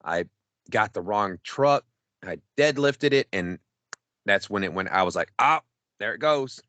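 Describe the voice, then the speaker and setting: A man's voice: lowish voice, expressive, a little slow, fairly bright tone, no room sound. A middle-aged man co-hosting a podcast, telling a profane, rambling story and acting out the quotes. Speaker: podcast co-host. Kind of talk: casual storytelling chat.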